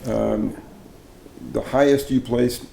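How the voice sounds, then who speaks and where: A middle-aged Canadian man interviews another singer in a chatty, admiring, enthusiastic way, restarting often; he's a barbershop arranger and judging chair. His gravelly, mellow mid-range voice goes slowly with fairly even intonation, in an echoey room with a little hiss or hum.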